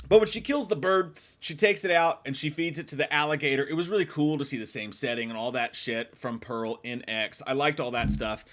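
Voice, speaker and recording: A man's voice: on the high side, fairly quick, few pauses. A man giving a casual spoiler review of a film, rambling and swearing freely. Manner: profane, rambling, animated. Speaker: movie reviewer.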